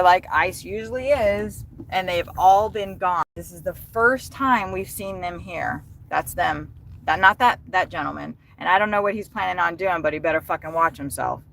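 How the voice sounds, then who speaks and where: Woman, lowish voice, rambling profane car-cam chat over road noise. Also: creaky, rough recording. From Texas. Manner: chatty, profane, excitable. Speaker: rideshare delivery driver livestreaming. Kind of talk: casual driving livestream chat. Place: inside a moving car. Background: road and engine noise.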